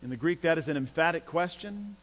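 A man preaching a sermon as a pastor, emphatic, his voice climbing in pitch and force when he drives a point home. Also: expressive, fairly quick, fairly bright tone. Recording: long hall reverb with mains hum.

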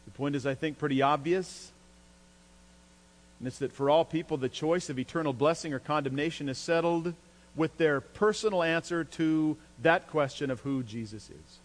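A fairly high-voiced male pastor delivers an emphatic sermon, lifting his pitch and volume to press his points. The sound rings with a long hall reverb, and a faint mains hum runs underneath. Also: normal speed.

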